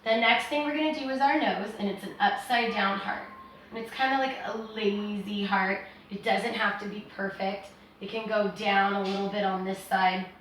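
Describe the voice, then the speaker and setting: A woman giving a step-by-step drawing lesson, talking in a relaxed, reassuring way as she draws and thinks aloud. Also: medium pitch, normal speed, distant mic, slight background noise. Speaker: art teacher. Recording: very echoey room, voice from off-mic.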